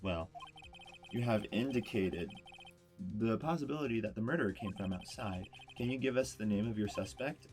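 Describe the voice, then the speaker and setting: A man's voice: lowish voice, lively intonation, normal speed, lightly acted. A man voicing a bumbling elderly judge who speaks formally but hesitantly. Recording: voice over loud background music.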